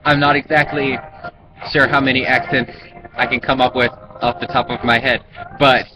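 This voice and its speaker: A young man talks straight to his camera in a loose, rambling vlog chat, often doubting himself as he goes. His pitch sits in an ordinary middle range. Clear music plays behind him the whole time. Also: little pitch movement, normal speed, rough recording. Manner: rambling and self-conscious. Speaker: YouTuber. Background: music playing in the background.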